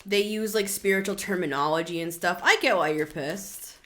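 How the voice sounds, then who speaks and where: A woman's voice: moderate pace, fairly bright tone, a little hiss or hum. A woman in her thirties giving a blunt, scolding tarot reading in a casual monologue. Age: 30s. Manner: blunt, scolding, emphatic with sudden high outbursts. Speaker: tarot reader.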